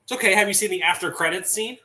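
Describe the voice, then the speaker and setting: A man's voice: high-pitched, quick pace, bright, forceful tone. A man in his thirties, a player at a tabletop game, chatting casually and wandering into asides.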